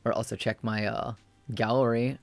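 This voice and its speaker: Chatty streamer with a gravelly voice. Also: flat delivery, moderate pace, no room sound. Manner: rambling, low-key and chatty. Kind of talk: casual game commentary.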